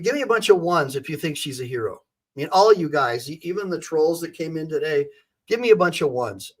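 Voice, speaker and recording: A man's voice: fairly high pitch, a bit bright. A man hosting a livestream as an attorney, giving emphatic, indignant commentary and calling on his chat for reactions.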